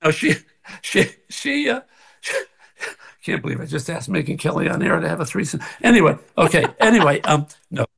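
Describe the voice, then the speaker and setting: An older man, a guest on a video call from his kitchen, telling an animated story and acting out both sides of the conversation. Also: on the high side, fairly quick, gravelly, breathy edge. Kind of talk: casual storytelling. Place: kitchen at home.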